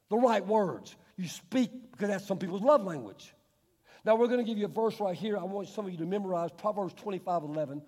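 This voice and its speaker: A male pastor preaching a sermon in a church hall, emphatic, asking rhetorical questions and slowing down to stress key words. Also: sits high, animated, darkish tone. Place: large church hall with screen. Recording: long hall reverb.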